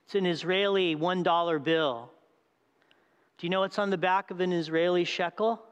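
A man delivers a sermon with a fairly high voice, his words ringing through the long reverb of a large hall. He is animated, asks the crowd questions and acts out the scenes he describes. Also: a little fast, smooth. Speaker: pastor.

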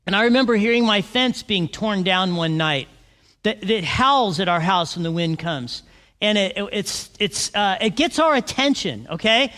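A man preaching a sermon, animated and asking his congregation questions. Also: sits high, moderate pace, in a large hall. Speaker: pastor.

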